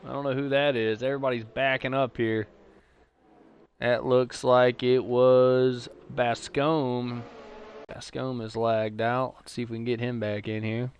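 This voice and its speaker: A man with a Texan accent calling a sim racing league live, chatty between races and excitable play-by-play once the lights go out. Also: medium pitch, measured pace, dull audio, slight background noise. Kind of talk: live esports race commentary.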